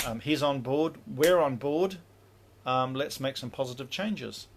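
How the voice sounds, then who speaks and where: A man's voice: mid-range voice, unhurried, a little hiss or hum. Rambling man teaching spiritual practice. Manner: rambling, with many fillers and restarts, acting out inner dialogues. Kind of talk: casual livestream teaching.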